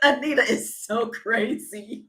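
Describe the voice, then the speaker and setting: A woman chats to her viewers as a tarot reader, her voice pitched fairly high and swinging widely as she talks. She tells her story casually, with lots of fillers, and breaks into loud, high exclamations. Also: sing-song, a little slow.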